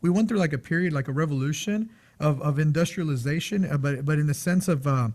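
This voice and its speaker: Male podcast co-host, slightly higher pitch, chatty and animated, casual delivery. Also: quick pace. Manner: animated, storytelling with many fillers. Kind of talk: casual chat.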